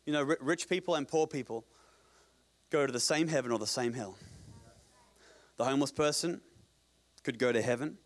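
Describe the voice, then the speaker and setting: A man preaching a sermon as pastor at a church service, swinging between loud emphatic passages and quiet low asides. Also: moderate pace, pauses often.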